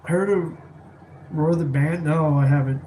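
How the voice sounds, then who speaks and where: A man's voice: a little high, unhurried, dark tone, a little hiss or hum, low-quality recording. A man casually chatting on a live stream, rambling and laid-back while answering viewers from a rented apartment, keeping his voice down.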